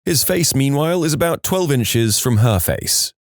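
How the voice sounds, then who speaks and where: Lively dry-voiced male story narrator. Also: medium pitch, normal speed, no room sound. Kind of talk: scripted narration of reader stories.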